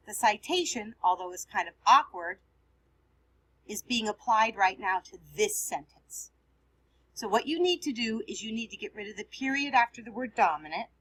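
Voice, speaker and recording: A woman's voice: medium pitch, fairly bright tone, husky, low-quality recording. A woman teaching writing, patiently explaining punctuation step by step as she edits on screen. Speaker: writing instructor. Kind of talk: screen-recorded writing lesson.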